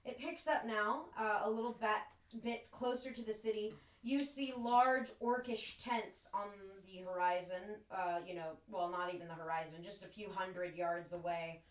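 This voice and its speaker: A woman running a tabletop game as game master, narrating in a relaxed way with plenty of fillers, recorded at a distance in an echoey room. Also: medium pitch, moderate pace, few pauses.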